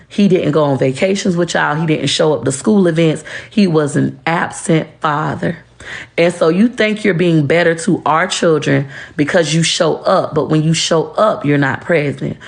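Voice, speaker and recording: A woman's voice: sits low, gravelly. A woman speaking bluntly and heatedly to camera, cursing freely. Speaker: social media creator talking about her marriage. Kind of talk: candid monologue to camera.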